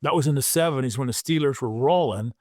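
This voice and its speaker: A man in his sixties, a former pro football player, telling stories as a podcast guest in an animated way, often repeating words and acting out quotes. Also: medium pitch, quick pace, no echo, studio quality. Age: 60s. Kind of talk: conversational storytelling.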